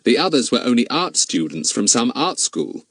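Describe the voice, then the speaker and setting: A man's voice: medium pitch, very animated, normal speed, gravelly, a bit bright, no echo, voice pushed up, full character voice. A man voicing a confident, polite schoolboy detective, speaking seriously, in an audiobook reading.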